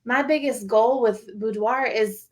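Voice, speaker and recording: A woman's voice: on the high side, measured pace, a little mellow. A woman photographer sharing her experience in an earnest, rambling way with fillers. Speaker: photographer student. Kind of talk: casual chat.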